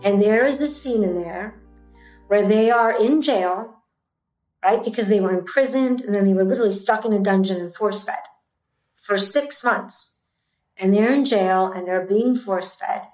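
A woman's voice: mid-range voice, normal speed, darkish tone, soft background music. A middle-aged woman, an entrepreneur, telling her story in an interview, intense and emphatic. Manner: intense, emphatic, swears when fired up. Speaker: guest, entrepreneur. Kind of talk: emotional interview talk. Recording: roomy echo.

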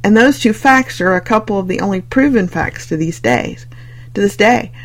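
An audiobook narrator reads fiction with a wry, conversational lilt. The voice has a steady gravelly fry at an even middle pitch. It moves between scene-setting and the characters' thoughts with ease. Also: normal speed. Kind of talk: scripted narration.

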